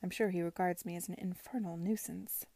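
A woman's voice: lowish voice, steady tone, a little fast, warm tone, no room sound. A woman reading the part of a sulky, spoilt young heiress in an audiobook, speaking bluntly and bitterly.

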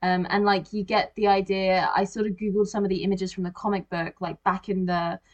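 A woman talks through a movie with a friend in a loose, chatty way. She slips into little acted-out quotes of her own reactions, her voice sitting at an ordinary middle pitch. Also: brisk, highs cut off. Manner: animated, acts out reactions in quoted asides. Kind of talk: casual movie discussion.

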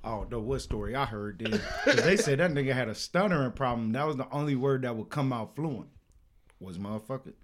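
A man's voice: mid-range voice, expressive, fairly quick. A young man co-hosting a podcast in casual chat, rambling with stammered restarts and plenty of slang and cursing. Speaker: podcast co-host.

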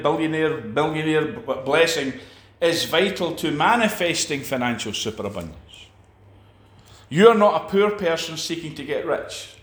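Man, preacher, emphatic, repeats himself, fairly high voice, echoey room. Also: a bit bright. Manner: emphatic, repeats phrases and restarts. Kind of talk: sermon.

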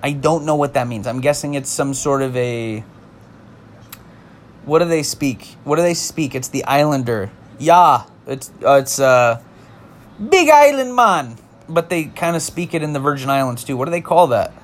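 A man's voice: medium pitch, normal speed. A man giving casual comedic commentary, rambling, swearing and mocking himself. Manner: rambling, profane, self-mocking. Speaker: video host reading lyrics.

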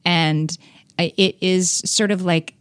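A woman's voice: fairly low pitch, fairly even intonation, slow, clear, resonant tone, no echo. Chatty woman podcast host. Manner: chatty, self-correcting, laughs easily. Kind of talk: casual conversation.

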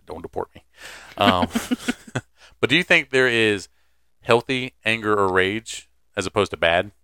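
A young man co-hosting a casual podcast, talking loosely with crude jokes and frequent laughter. His low voice is bright and crisp, and the recording is dry and close. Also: a little slow, dry recording. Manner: crude, joking, laughs often. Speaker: podcast co-host. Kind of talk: casual chat.

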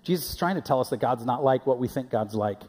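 A man's voice: mid-range voice, animated, quick pace, a little mellow, husky, long reverb tail. A man preaching a sermon in a conversational way, often repeating his words as he goes. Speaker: pastor. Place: church sanctuary.

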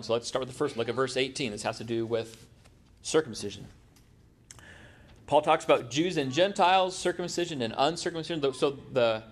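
Conversational man preaching a sermon. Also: medium pitch. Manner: conversational preaching with quips to the congregation. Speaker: pastor.

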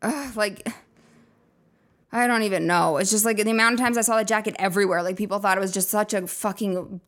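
A woman's voice: medium pitch, a bit bright. A woman hosting a comedy podcast, rambling through a profane casual monologue with lots of fillers and acted-out quotes.

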